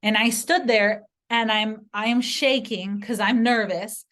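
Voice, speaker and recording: A woman giving an earnest motivational sales pitch to camera, speaking directly to the viewer and telling personal stories. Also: steady tone, unhurried, fairly bright tone. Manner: earnest, direct, story-driven persuasion. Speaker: sales presenter.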